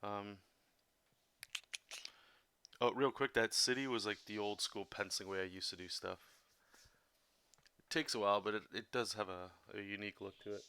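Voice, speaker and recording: A man, a comic artist, chatting casually and somewhat monotonously while he explains drawing steps, rambling with many fillers. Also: fairly low pitch, moderate pace, long pauses, clean tone. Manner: monotone delivery. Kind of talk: casual drawing tutorial chat.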